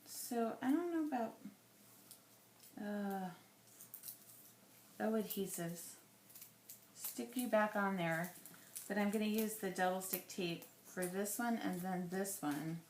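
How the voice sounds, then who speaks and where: A woman in her thirties, chatty and rambling as she thinks aloud while scrapbooking, her voice going a little hoarse. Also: medium pitch, slow, long pauses, roomy sound, slight background noise. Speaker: scrapbooking vlogger. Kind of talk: casual crafting chat.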